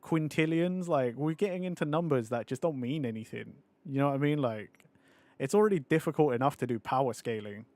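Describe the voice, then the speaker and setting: A young man streaming a game, chatting casually with viewers, animated and often laughing and swearing. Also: medium pitch, fairly quick, no echo. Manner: animated, laughing, swearing, mocking others in put-on voices. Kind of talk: casual live-stream chat.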